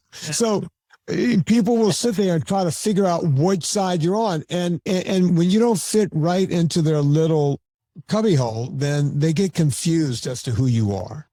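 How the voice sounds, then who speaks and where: A documentary filmmaker guests on a casual podcast conversation, talking bluntly and argumentatively with frequent stammered restarts. His voice is on the high side and mellow, with a measured pace, in a dry recording.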